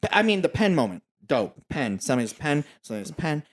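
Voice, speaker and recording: A man co-hosting a podcast in casual chat, excitable and swearing freely, often cracking himself up. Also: a little high, fast talker. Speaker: podcast co-host.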